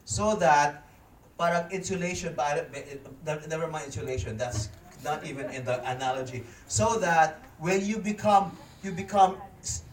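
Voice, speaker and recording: A man's voice: a little high, moderate pace, slight background noise. A man with a Filipino accent preaching a sermon, joking and chatting with the congregation as he teaches. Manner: jokey, switches between English and Tagalog, interacts with congregation. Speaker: pastor. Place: church hall. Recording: echoey hall, speaker far from mic.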